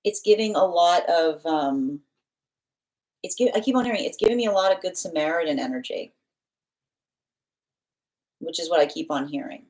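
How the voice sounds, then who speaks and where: A woman's voice: lowish voice, expressive, normal speed, long pauses, darkish tone. A woman giving a live tarot reading, talking in loose, rambling run-ons full of fillers and restarts, acting out what others might say. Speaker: tarot reader.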